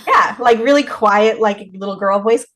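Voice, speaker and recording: A middle-aged woman talking as a podcast guest in a relaxed, rambling way, with many restarts and trailing clauses. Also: mid-range voice, moderate pace, low-quality recording. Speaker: haunted rental owner, podcast guest. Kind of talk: casual interview chat.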